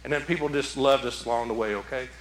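A man's voice: mid-range voice, steady tone, quick pace, roomy sound, slight background noise. A man preaching a folksy sermon in a church, talking conversationally with repeated rhetorical questions. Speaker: pastor. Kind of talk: folksy Mother's Day sermon. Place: church sanctuary.

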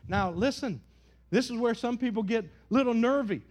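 A man preaching a sermon, swinging between loud, rising calls and quiet, dry asides. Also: very high-pitched, moderate pace. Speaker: pastor.

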